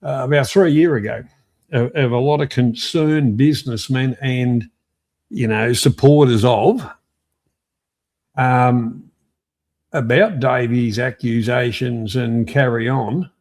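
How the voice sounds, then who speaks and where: A man's voice: medium pitch, fairly even intonation, slow pace, a little mellow. An English man hosting a casual live stream, talking with hesitant restarts and greeting viewers in the chat. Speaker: stream host.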